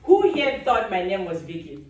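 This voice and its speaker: A woman's voice: mid-range voice, moderate pace, crowd noise. Cameroonian woman giving a keynote in an echoey hall. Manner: lively, laughs often, chats with the audience. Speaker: keynote speaker. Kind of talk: conference keynote talk. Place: large conference hall. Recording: echoey hall, speaker far from the mic.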